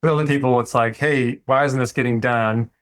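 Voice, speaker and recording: A relaxed man in his thirties, speaking as a dentist guest on a podcast. His voice sits at a middle pitch, and he talks in an easygoing, reflective way, now and then acting out what he tells his staff. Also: fairly quick. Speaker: dentist and practice owner. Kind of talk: casual interview talk.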